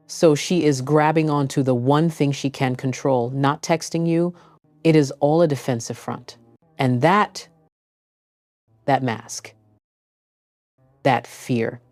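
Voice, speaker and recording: A woman giving scripted motivational relationship advice, speaking in a slow, deliberate and emphatic way. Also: rumbling low, warm tone, dry recording.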